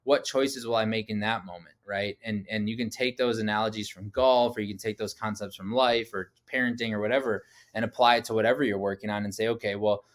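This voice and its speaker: A man in his thirties, a podcast guest, telling personal stories in a casual interview. He talks in an animated way, often says "like", and acts out quoted dialogue. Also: on the low side, quick pace, few pauses.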